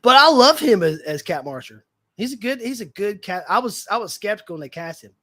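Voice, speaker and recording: A man's voice: sits high, animated, brisk, bright, forceful tone, dry recording. A man hosting a livestream in casual fan chat, rambling and leaning on fillers like "like" and "you know.". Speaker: livestream host.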